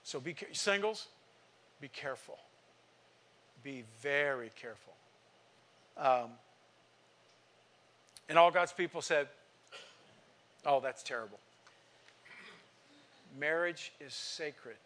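Emphatic bright-voiced male preacher. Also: on the high side, slow pace, long pauses. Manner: emphatic preaching, rhetorical questions to the congregation. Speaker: pastor. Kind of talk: sermon.

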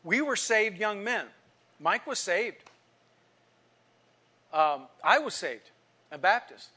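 A middle-aged male pastor from California preaching, his voice high and bright. He tells personal stories and moves between quiet asides and strong, emphatic points. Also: big pitch swings, slow pace. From California, USA. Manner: storytelling preacher, swings from hushed to emphatic. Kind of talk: sermon.

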